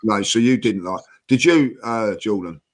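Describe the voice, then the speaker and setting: A man's voice: fairly low pitch, normal speed. A man ranting indignantly on a football fan panel, firing off rhetorical questions. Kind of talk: heated panel talk.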